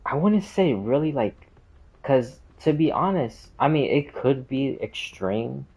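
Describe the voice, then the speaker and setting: A man's voice: medium pitch, animated, slow, darkish tone, breathy edge, rough recording. A man explaining game lore in a casual, rambling way, full of fillers and side tracks. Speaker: game streamer.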